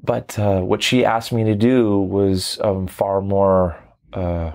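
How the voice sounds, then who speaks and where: A man who teaches tantra, telling his story in a reflective, animated interview. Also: low voice, takes it slowly. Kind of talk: conversational interview.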